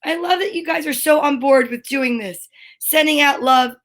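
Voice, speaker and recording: This woman's voice sits high and has a fairly bright tone, moving at a normal speed. She hosts a children's story time, chatting casually with kids in a cheerful, goofy manner while reading long lists of names.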